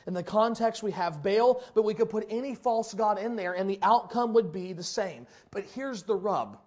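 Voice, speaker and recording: A man preaching a sermon, acting out the people in the story and swinging from loud exclamations to hushed, drawn-out lines. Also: sits high, expressive. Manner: dramatic, voices characters, swings from loud to hushed. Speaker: pastor.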